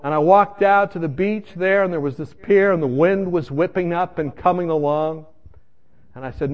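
The recording is muffled as a man with a fairly high, expressive voice shares his personal testimony in a sermon, speaking a little fast. He tells it with emphasis, talking directly to those listening.

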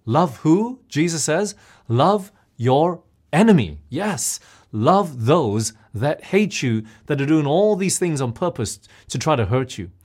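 A man's voice: a little high, sing-song, takes it slowly, a little mellow, slightly rough. A man preaching a sermon, often putting questions to his listeners.

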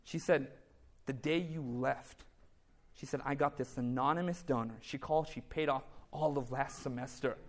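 A man's voice: medium pitch, brisk, few pauses. A man preaching a testimony sermon, telling his story through reported dialogue and calling out to the congregation. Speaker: speaker giving a faith testimony.

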